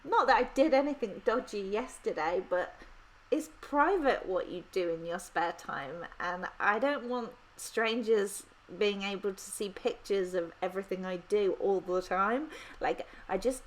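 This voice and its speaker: Young Brummie woman, casual vlog Q&A, giggly and self-deprecating, mid-pitched. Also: measured pace, rough recording. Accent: Birmingham (Brummie). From Birmingham, England. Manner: chatty, self-deprecating, laughs often. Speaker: planner vlogger answering questions. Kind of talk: casual Q&A chat.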